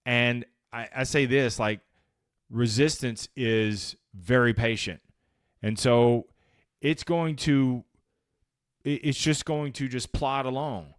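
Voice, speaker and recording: A man's voice: medium pitch, slow pace, clean tone, dry recording, clean studio sound. Emphatic man hosting a motivational podcast. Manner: casual, emphatic, slangy, acts out inner voices. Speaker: podcast host.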